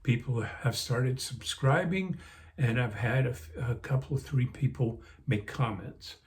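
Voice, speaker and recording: An older man speaking at a middle pitch, reminiscing in a relaxed, meandering way. He stops and restarts often, leans on "um" and "you know", and sounds a little sleepy, yawning between thoughts. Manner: rambling, unhurried, many fillers and restarts. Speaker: vlog host. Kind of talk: casual reminiscing.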